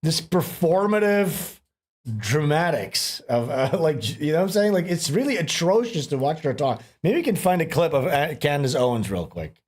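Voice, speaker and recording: A man hosting a livestream, talking in crude, animated, ranting commentary. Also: fairly high pitch, moderate pace. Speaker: streamer host.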